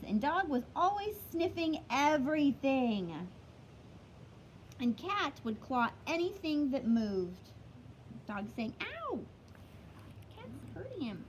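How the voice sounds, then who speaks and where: Woman teacher, picture book read-aloud for kids, chatty, sing-song pitch, slightly high voice. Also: slight background noise, rough recording. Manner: chatty, stops to explain words to kids.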